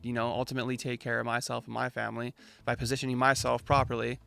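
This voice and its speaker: Gravelly ranting man, casual chat. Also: mid-range voice, flat delivery, quick pace, a bit bright. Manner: ranting, slangy, mocking quoted voices. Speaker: crypto channel host.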